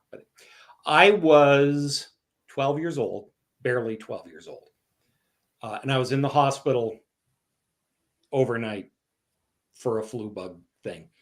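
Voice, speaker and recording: A man from Canada, a guest author in a casual interview, telling stories and acting out the voices of the people he quotes. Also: medium pitch. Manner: animated storyteller, acts out quoted voices.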